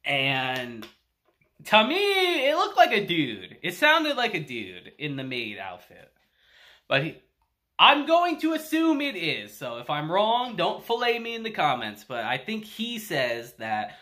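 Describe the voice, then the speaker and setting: A man's voice: fairly high pitch, huge pitch swings, a little slow, sharp tone. A man casually reviewing an anime episode, laughing often, swearing, and acting out quotes.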